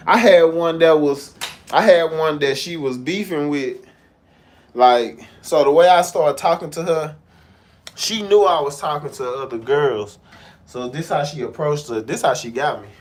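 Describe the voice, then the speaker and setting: A man's voice: a little high, measured pace, a little hiss or hum. A young man on a livestream telling a personal story in a casual way, laughing often and acting out the voices he quotes.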